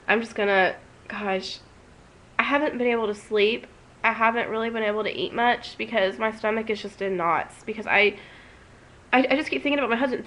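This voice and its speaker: A woman's voice: a little high, fairly bright tone, rough recording. Young woman, vlog at home, emotional, rambling, casual. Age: young adult. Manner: rambling, emotional, many restarts. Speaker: vlogger.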